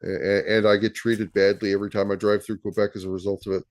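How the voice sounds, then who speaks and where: A man speaks in a somewhat low voice as a guest in a casual live conversation. He explains patiently, but he trips over his words and repeats them as he goes. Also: little pitch movement, fast. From Canada.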